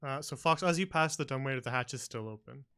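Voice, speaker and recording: A man running a tabletop game as game master, describing scenes in a halting way with many pauses and fillers. His voice sits at an ordinary middle pitch. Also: pushed and bright, smooth.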